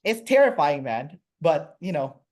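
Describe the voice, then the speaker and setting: A man's voice: a little high, very animated, a little slow, a little mellow. A man from Canada, a guest in a casual interview, telling a travel story with many fillers and restarts.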